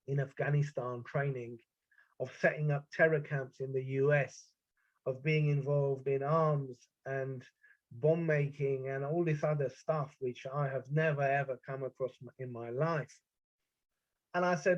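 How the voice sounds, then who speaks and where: A man's voice: medium pitch, steady tone, normal speed. A man from Britain, a podcast guest, telling a personal story in a vivid, intense way, with stutters and restarts. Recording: dull, dry, lo-fi sound.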